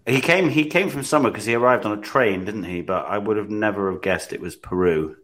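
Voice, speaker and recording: A man co-hosting a podcast, with a lowish voice. He teases the others in dry, wry banter as the chat rolls along. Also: brisk, a bit bright. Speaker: podcast co-host. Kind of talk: casual chat.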